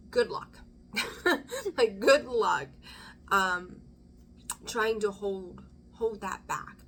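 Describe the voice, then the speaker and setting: A woman's voice: medium pitch, a bit bright, a little hiss or hum. A woman giving a casual, rambling tarot reading, often dropping into a whisper as she talks. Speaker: tarot reader.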